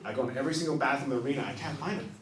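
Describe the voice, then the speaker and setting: Heard from a distant mic in an echoey room, a man of medium pitch does a stand-up set at a small improv club with a live audience. English isn't his first language, and he tells stories while acting out the people in them in quick bursts.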